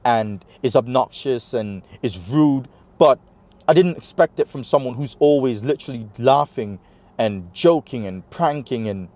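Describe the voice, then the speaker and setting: A man's voice: medium pitch, a little slow. A man with a New York accent, a guest in an interview, retelling a personal story animatedly and acting out the dialogue. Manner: animated retelling, acts out quoted dialogue, many fillers.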